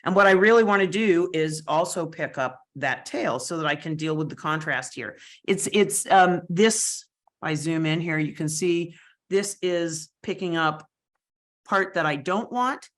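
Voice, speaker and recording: A woman's voice: lowish voice, measured pace. Chatty woman teaching photo editing. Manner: chatty, explanatory, with fillers and asides. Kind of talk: screen-share software tutorial.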